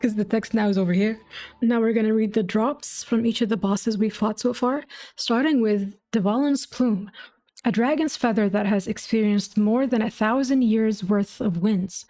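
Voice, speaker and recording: A woman's voice: a little high, mellow. A woman reading game lore aloud to her viewers, with gushing, affectionate asides between entries. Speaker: gaming video creator.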